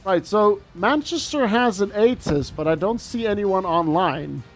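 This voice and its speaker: A man's voice: high-pitched, lively intonation, measured pace, faint music behind. Chatty male flight sim streamer. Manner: chatty, laughs often, reads comments aloud. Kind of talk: live stream chat reading comments.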